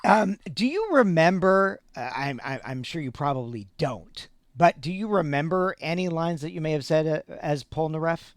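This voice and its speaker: Lively-pitched man hosting an interview. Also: normal speed, few pauses, dry recording, studio quality. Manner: friendly, curious questioner. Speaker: host. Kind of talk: livestream interview.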